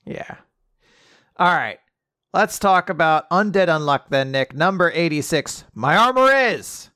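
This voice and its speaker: A man in casual chat, retelling a story with lively asides, quick character voices and frequent laughter. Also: fairly high pitch, dry recording, clean studio sound. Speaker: podcast co-host recapping a manga chapter.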